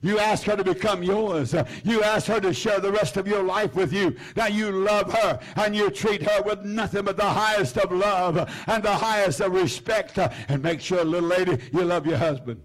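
A man's voice: sits high, normal speed, hardly any pauses. An older man preaching a sermon, fervent and repetitive, filling his phrases with "uh" and "hallelujah". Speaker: pastor.

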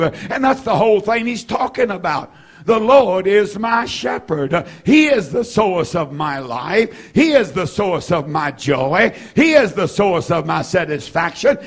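A man in his seventies preaching a fervent sermon, repeating phrases, rising to shouts and filling gaps with "uh". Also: high-pitched. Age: 70s. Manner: fervent, repetitive preaching with frequent "uh" fillers and shouted peaks. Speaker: pastor.

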